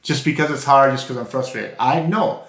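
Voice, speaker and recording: Earnest gravelly man in an echoey room. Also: medium pitch, moderate pace. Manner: earnest storytelling, animated when quoting. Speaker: podcast co-host. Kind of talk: casual faith-based chat.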